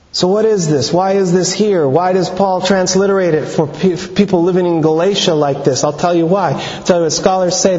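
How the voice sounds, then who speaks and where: A man delivers a sermon at an unhurried pace, stressing points, repeating phrases and posing rhetorical questions. His voice sits high for a man. The sound is dull and lo-fi, with long reverb from a big hall. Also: darkish tone. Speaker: preacher.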